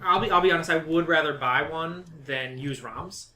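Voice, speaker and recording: A man's voice: on the high side, moderate pace, pushed and bright. A laid-back man co-hosting a casual video game podcast, who laughs easily. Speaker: podcast co-host. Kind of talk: casual chat. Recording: roomy echo.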